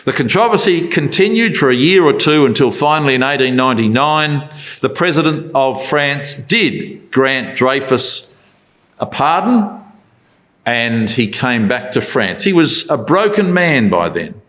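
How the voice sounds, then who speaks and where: A man delivering a Bible talk at a middle pitch. He speaks conversationally and often puts rhetorical questions to his listeners. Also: big pitch swings, measured pace, fairly bright tone.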